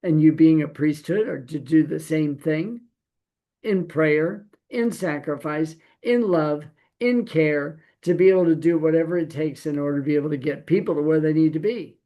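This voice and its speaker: A middle-aged man giving a Torah teaching as a sermon, animated and acting out quoted voices. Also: on the high side, moderate pace.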